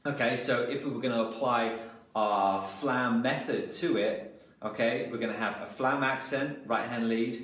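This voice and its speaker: A man's voice: medium pitch, measured pace, a bit bright, a little hiss or hum. A man teaching a drum lesson, calling out strokes and hands as he goes. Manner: talks through drum patterns, counting hands aloud. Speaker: drum instructor. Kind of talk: instructional lesson. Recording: echoey room, mic far off.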